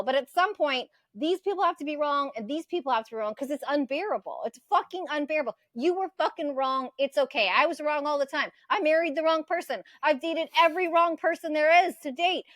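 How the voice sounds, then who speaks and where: A woman's voice: high-pitched, fairly bright tone, dry recording, studio quality. A woman co-hosting a podcast, ranting in a heated, profane, casual political chat. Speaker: podcast co-host.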